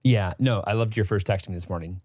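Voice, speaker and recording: A man co-hosting a podcast in casual chat, teasing with quick, deadpan quips. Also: low voice, dry recording. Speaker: podcast co-host.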